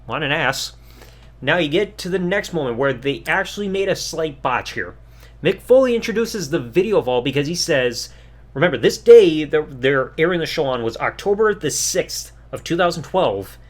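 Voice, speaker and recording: A man's voice: fairly high pitch, lively intonation, normal speed. A man hosting a podcast, giving a sarcastic, casual episode review and swearing freely. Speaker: podcast host.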